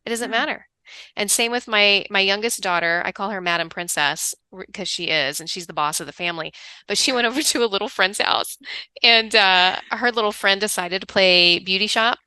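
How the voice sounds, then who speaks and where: A middle-aged woman, a podcast guest telling family stories in an animated way, taking on other people's voices as she quotes them. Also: medium pitch, fairly quick, smooth, dry recording. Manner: animated storyteller, lively quoting of others. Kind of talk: conversational podcast interview.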